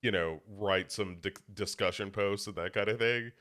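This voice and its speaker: A young man on a podcast, co-hosting, talks in a lowish, steady voice at a moderate pace with a bit of brightness. He sounds mildly congested while rambling casually, restarting often and making fun of himself.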